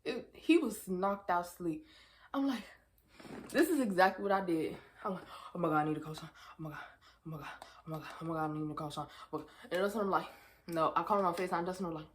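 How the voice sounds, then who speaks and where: A young woman with a slightly low voice tells a casual storytime vlog. She is animated and profane, acting out the quotes of the people in her story. Her tone at times turns tearful. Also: quick pace, a little hiss or hum. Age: young adult. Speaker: vlogger.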